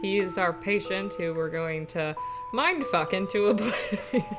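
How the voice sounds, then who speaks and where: A woman's voice: mid-range voice, animated, a little slow. A woman casually commenting on a video game as she plays, chatty and giggly, talking to her viewers, with game music behind. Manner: giggly, chatty, reads the chat aloud. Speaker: let's play streamer. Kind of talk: casual let's play commentary.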